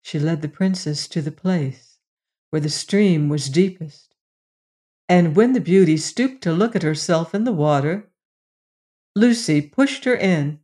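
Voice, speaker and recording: A storyteller reading a fairy tale aloud in a slow, measured way. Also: mid-range voice, darkish tone.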